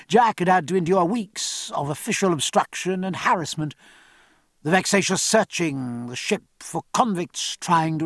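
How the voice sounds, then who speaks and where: Male audiobook narrator, lively intonation, slightly high voice, dry close recording. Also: no echo. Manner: expressive, measured literary reading.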